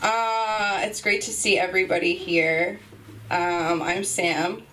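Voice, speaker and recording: A woman's voice: fairly low pitch, fairly even intonation, takes it slowly, a bit bright, far from the mic. A young woman hosting an open mic, doing a loose, rambling, self-mocking stand-up set with sudden yelps. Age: young adult. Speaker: open mic host and comedian. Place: comedy club stage. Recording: noisy room, voice from off mic.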